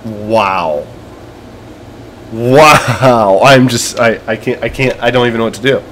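Overwhelmed male gamer, halting and emotional. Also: medium pitch, fairly bright tone, a little hiss or hum. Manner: emotional, halting, trails off and restarts. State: teary and overwhelmed. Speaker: gaming video creator. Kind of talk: gameplay commentary.

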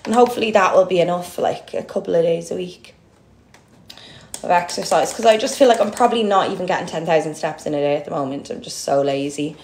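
A woman's voice: fairly low pitch, quick pace, a little mellow. A young Irish woman with a Louth and Dublin accent, chatting casually to her followers in a rambling way, with lots of "like". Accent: Irish, a mix of Louth and Dublin. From Ireland. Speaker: TikTok creator. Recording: echoey room with clear background noise.

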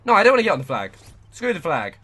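Excitable man shouting over gameplay. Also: high-pitched, quick pace. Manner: excitable, swings from muttering to shouting at the game. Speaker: gaming channel host. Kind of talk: live gameplay commentary.

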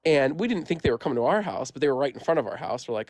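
A man's voice: mid-range voice, very fast, hardly any pauses, darkish tone, no echo. A man in his thirties from the Midwest of the United States, casually telling a story as a caller, rambling with lots of "like" and "um" fillers. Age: 30s. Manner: rambling, heavy use of "like" and "um" fillers. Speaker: caller sharing a paranormal story.

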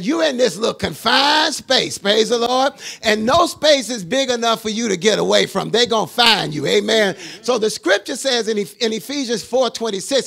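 An older man, a bishop, preaching a sermon into a handheld mic in a church with call-and-response, often rising to a shout. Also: high voice, vocal fry, husky.

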